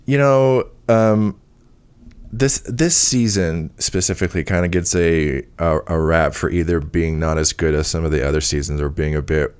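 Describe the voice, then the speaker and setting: A man's voice: low voice, steady tone, moderate pace, smooth. A man hosting a podcast in casual chat, rambling with frequent fillers and laughs. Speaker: podcast host.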